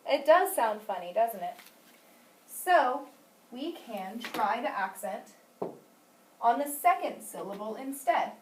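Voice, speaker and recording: A woman's voice: a little high, very animated, takes it slowly, pauses often, a little hiss or hum. A woman teaching a phonics lesson, asking questions and praising answers patiently. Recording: echoey room, mic at a distance.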